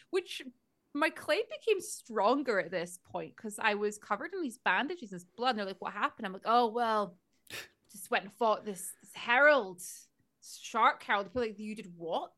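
A woman's voice: mid-range voice, pushed and bright. A British woman co-hosting a podcast, recounting her role-play exploits in casual, laughing chat. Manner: laughing, self-deprecating storytelling. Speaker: podcast co-host. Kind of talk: casual chat recapping a live-action role-play event.

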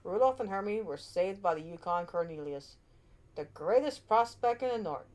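Woman, storyteller, children's read-aloud, expressive, small slips. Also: medium pitch, moderate pace.

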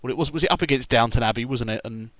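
A man's voice: medium pitch, rapid-fire, a bit bright, dry recording, poor audio. Casual male podcast co-host, rambling, self-correcting, dry close sound. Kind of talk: casual chat.

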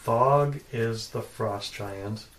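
A man's voice: medium pitch, extremely slow. A man running a tabletop game as game master, giving brief, matter-of-fact rulings. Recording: roomy, distant mic, faint noise.

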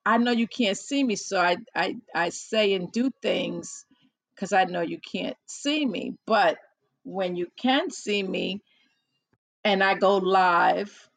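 Slow, gravelly woman podcast host. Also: medium pitch, dry recording, rough recording. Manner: chatty, self-deprecating, laughs often. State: nervous. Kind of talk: casual chat with a caller.

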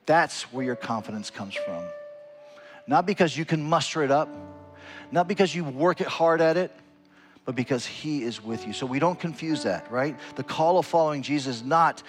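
A man preaching to his congregation, earnest and emphatic, swinging from lifted, urgent phrases to low, quiet ones. His voice sits a little on the high side. A guitar plays faintly behind him. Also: moderate pace. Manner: earnest preaching with wide swings in pitch and loudness. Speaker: pastor. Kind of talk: sermon.

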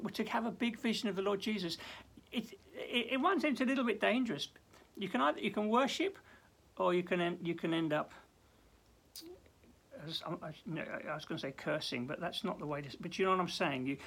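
Earnest and full of stammered restarts, this church minister gives a brief devotional, acting out prayers that build in intensity. The voice sits in the mid-range and sounds creaky and husky, yet fairly bright.

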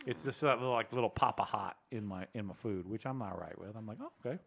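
A man's voice: fairly low pitch, fast, creaky, a bit bright. A man hosting a casual podcast, telling long rambling stories and acting out the people in them. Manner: rambling storyteller, acts out quoted people. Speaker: podcast host. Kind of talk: casual chat.

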